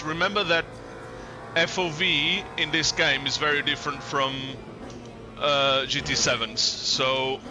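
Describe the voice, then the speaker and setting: A man chatting live with viewers while racing, greeting them by name and talking through his driving as he concentrates. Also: fairly high pitch. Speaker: sim racing streamer. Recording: game stream with loud background music. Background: music in the background.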